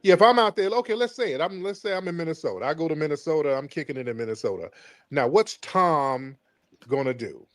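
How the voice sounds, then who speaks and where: A man running a call-in stream talks in a taunting, mocking, commanding way. His voice sits a bit high for a man. The sound is dry and close, with no room around it. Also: lively intonation, quick pace, dry recording. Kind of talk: heated call-in argument.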